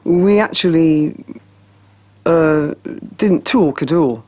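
A man with a fairly high voice recalls the past candidly in a documentary interview. He restarts his phrases now and then. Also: slow pace, darkish tone, slight background noise.

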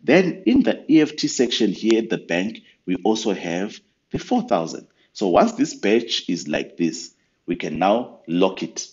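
A man giving a patient step-by-step software tutorial over a screen recording. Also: lowish voice, big pitch swings, measured pace, highs cut off. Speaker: software trainer.

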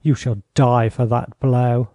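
A man reading an audiobook, voicing a coarse, drunken older baron with a gruff, blustering manner. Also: medium pitch, little pitch movement, slow pace, mellow, dry recording, studio quality, close to an everyday voice.

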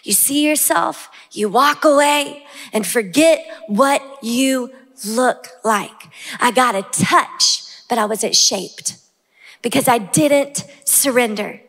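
Female pastor, 30s, Southern US, fervent sermon delivery, bright high pitch. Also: slow pace, breathy edge. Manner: impassioned, rising to shouts on key lines. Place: large church sanctuary. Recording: long hall reverb.

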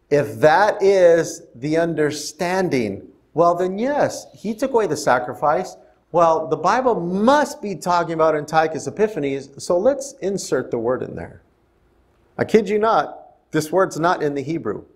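A man's voice: on the high side, big pitch swings, measured pace. Man teaching a bible sermon. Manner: conversational, asks the congregation questions. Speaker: pastor. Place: church sanctuary.

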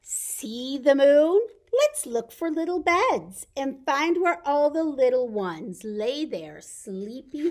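A children's librarian leads a baby story time, reading a picture book aloud, singing simple songs and making animal sounds. Her high-pitched delivery is sing-song and animated.

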